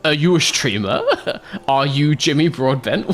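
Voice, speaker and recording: A man's voice: medium pitch, lively intonation, unhurried, fairly bright tone. A British man streaming a game, chatting casually with viewers, laughing often. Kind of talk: casual livestream chat.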